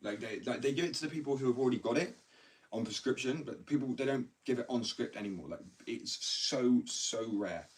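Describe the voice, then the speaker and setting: A livestreamer rambles casually about addiction in a fairly quick, mid-range male voice, joking, slangy and often cutting himself off. He sits far from the mic, and the audio quality is poor.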